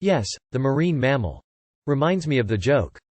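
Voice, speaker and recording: A man narrating online posts aloud with an even, steady read-aloud delivery. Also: medium pitch, normal speed, no room sound.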